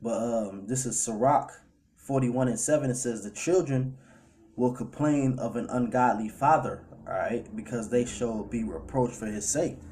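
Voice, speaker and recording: A man's voice: medium pitch, normal speed, dark tone, slight background noise. Loose-talking preacher man. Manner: loose, repetitive fillers like "all right" and "man", reads scripture aloud. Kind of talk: casual street-style sermon over clips.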